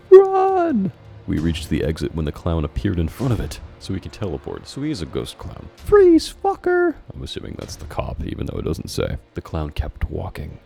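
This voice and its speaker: A man's voice: rumbling low, fairly quick, creaky, a little mellow, slightly rough. A man reading his childhood horror story aloud and mocking it with sarcastic, amused asides. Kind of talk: dramatic reading with comic commentary. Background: faint background music.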